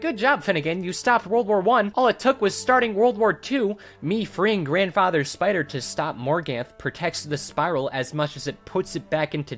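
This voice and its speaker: A man's voice: fairly high pitch, fairly bright tone. Wry young man recapping a game. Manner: wry, sarcastic asides with frequent fillers. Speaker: YouTube game story narrator. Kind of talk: comedic game story recap.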